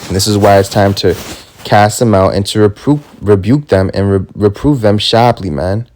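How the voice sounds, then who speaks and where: A man preaching a fervent sermon, reading scripture slowly and tacking "man" onto his points. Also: on the low side, a little mellow, a little hiss or hum. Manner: emphatic, drops "man" at ends of lines; reads scripture slowly and deliberately.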